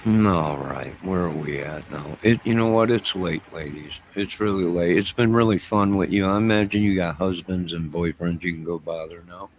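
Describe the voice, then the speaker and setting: A man's voice: low voice, moderate pace, hardly any pauses, a little hiss or hum. A man rambling loosely to his live chat late at night, defensive and talking straight to his viewers while wearing headphones. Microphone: wearing headphones at a desk mic.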